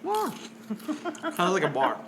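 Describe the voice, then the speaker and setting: A man's voice: sits high, huge pitch swings, unhurried, background noise. Joking man in casual podcast chat. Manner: joking, teasing, laughs often. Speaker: podcast co-host.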